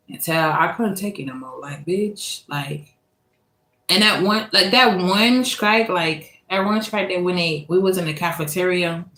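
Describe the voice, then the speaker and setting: A woman from Louisiana, telling a personal story in a casual, animated and profane way, laughing often. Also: fairly low pitch. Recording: echoey room.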